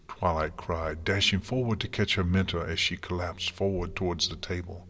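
A man narrating a story in a slow, hushed, solemn way, sometimes dropping to a whisper. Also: deep voice, steady tone. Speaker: story reader. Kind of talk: narrating fan fiction. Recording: long hall reverb.

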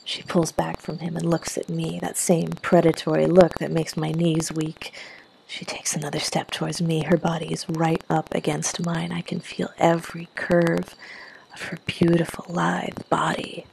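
A woman narrating an intimate first-person story in a soft voice that often slips into a whisper. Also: low-pitched, monotone, normal speed, creaky, a little hiss or hum, rough recording.

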